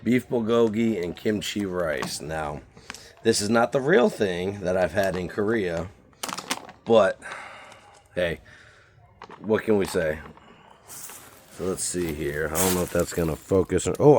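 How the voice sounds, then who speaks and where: A man with a low, deep voice talks to his viewers in a relaxed, folksy vlog style. He is recorded outdoors at a campground on a camera mic. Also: measured pace, long pauses, a little hiss or hum. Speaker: outdoor vlogger. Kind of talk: casual vlog talk to camera.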